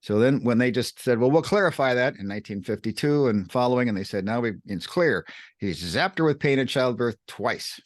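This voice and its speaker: A man co-hosting a podcast, teaching in an animated, emphatic way, repeating words and jumping up in pitch to stress points. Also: brisk, dry recording, clean studio sound. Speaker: podcast co-host teaching scripture. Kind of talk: animated explanatory teaching chat.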